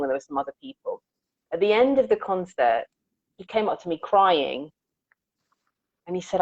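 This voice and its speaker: A woman guest on an interview, talking about her music in a reflective, earnest way and acting out the lines she quotes. Her voice sits fairly low. The audio is dull and dry, like a remote call. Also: animated, a little fast, no echo. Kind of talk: conversational interview storytelling.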